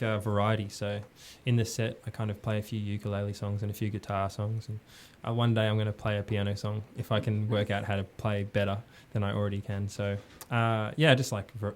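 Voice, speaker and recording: A man's voice: fairly low pitch, slight background noise. A young Australian man, a musician guest, chatting loosely in a radio studio and laughing often. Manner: relaxed, rambling, laughs often. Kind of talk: casual interview chat.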